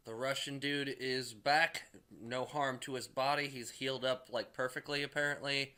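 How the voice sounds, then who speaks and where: A man recaps a movie in a loose, rambling way, with plenty of filler and profanity. His voice is bright and edged, sitting at a middling pitch. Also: fairly even intonation, normal speed, hardly any pauses, clear, resonant tone. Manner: rambling, heavy on "like" and swearing. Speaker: movie reviewer.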